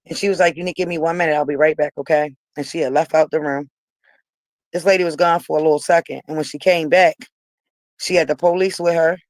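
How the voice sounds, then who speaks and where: A woman's voice: deep voice, a little mellow, no echo, rough recording. A woman vlogger telling a personal story straight to her viewers, emphatic and repeating herself for weight.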